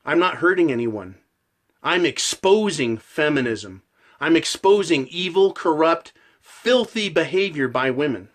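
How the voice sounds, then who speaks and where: A man's voice: fairly high pitch, lively intonation, unhurried. A man delivering a passionate, profane ranting monologue as a channel host.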